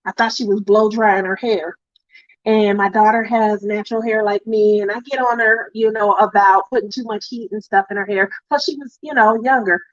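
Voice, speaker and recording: A woman's voice: mid-range voice, steady tone, moderate pace, no echo, dull audio. A middle-aged woman hosting a crafting livestream, telling a heartfelt family story in a chatty, emotional way. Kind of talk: casual chat reading viewer comments.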